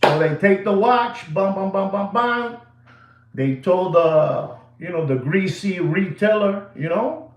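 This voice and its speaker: A man hosting a livestream, telling a story in a rambling, animated way with constant fillers. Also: sits high, slow, dull audio. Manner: rambling, animated, full of "you know" fillers. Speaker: watch dealer channel host. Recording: echoey room.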